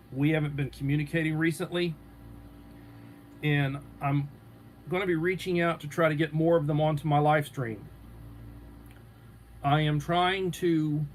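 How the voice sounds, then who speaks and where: Rambling livestreaming man, slightly high voice. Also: slight background noise. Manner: rambling, answers chat comments aloud. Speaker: livestream host. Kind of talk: casual live-stream chat.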